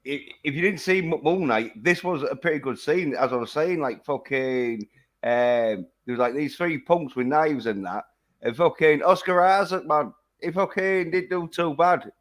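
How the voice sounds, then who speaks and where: A man's voice: a little high, fairly bright tone. A man in casual livestream chat, rambling and swearing, stopping often to search for words. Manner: rambling, profane, halting with many fillers.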